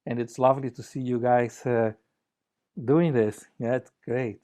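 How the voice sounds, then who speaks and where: A man giving a relaxed conference talk over a video call, joking playfully and gently guiding listeners through exercises. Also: medium pitch, a little slow. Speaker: conference speaker.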